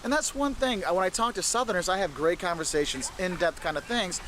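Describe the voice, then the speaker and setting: An enthusiastic man with a high voice talks friendly and emphatically as he explains things to the viewer. He is outdoors, and traffic can be heard behind him. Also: quick pace, a bit bright. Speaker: presenter in the reacted video. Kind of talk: informal explainer to camera.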